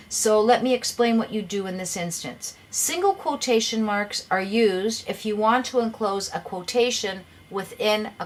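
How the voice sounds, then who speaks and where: This is a middle-aged woman at medium pitch giving an English grammar lesson. She explains things patiently, occasionally repeating words along the way.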